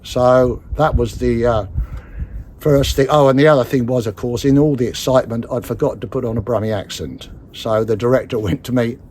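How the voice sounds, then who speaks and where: A man's voice: mid-range voice, steady tone, a little fast, darkish tone, slight background noise. A man, telling a long story in a casual, rambling way and correcting himself as he goes. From London area, England. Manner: rambling, self-correcting, chatty. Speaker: actor and musician telling a career story. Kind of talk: casual anecdote.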